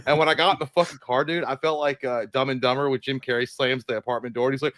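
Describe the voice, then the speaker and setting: A man's voice: medium pitch, rapid-fire, few pauses, no room sound. A man co-hosting a casual chat show, telling a profane story and acting out the voices of people in it. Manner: profane, animated, acts out quotes. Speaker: podcast co-host.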